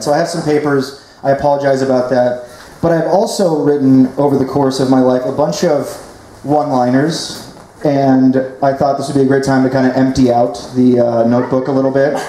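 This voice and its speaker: A man's voice: mid-range voice, mellow. A young man doing a chatty, self-deprecating stand-up comedy set for a live audience. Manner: self-deprecating, chatty, leads the crowd in chants. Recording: echoey hall, crowd noise.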